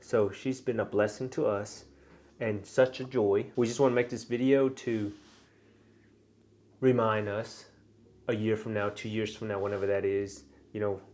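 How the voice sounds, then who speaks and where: A man hosting a family vlog as the father, talking gently and coaxing his toddler to count. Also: lowish voice, flat delivery, normal speed, pauses often. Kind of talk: casual family vlog talk.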